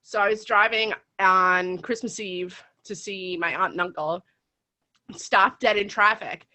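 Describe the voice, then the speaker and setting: Chatty bright-voiced female podcast co-host. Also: mid-range voice, fairly even intonation, unhurried. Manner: chatty, lots of "like" fillers. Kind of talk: casual chat.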